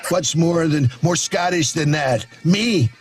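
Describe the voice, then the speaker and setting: A man's voice: fairly high pitch, takes it slowly. A man voicing a brash, boastful older American tycoon politician in a comedy jingle, rambling and self-praising. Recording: music bed behind.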